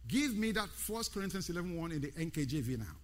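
A man's voice: fairly high pitch, very animated, fast talker. A man preaching a sermon, repeating key words with rising emphasis and calling out to his congregation. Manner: calls out to the congregation by name. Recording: long hall reverb.

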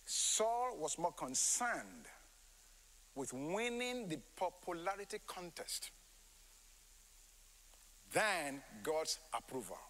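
A man preaching a sermon, emphatic and animated, with many rhetorical questions. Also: a little high, takes it slowly, pauses often, in a large hall, low-quality recording.

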